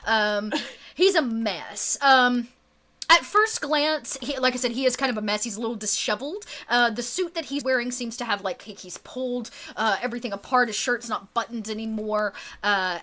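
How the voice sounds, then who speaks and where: A woman's voice: on the high side, moderate pace, bright, forceful tone. A woman narrating as game master in a tabletop game, chatty and filler-laden. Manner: chatty, full of fillers and laughs.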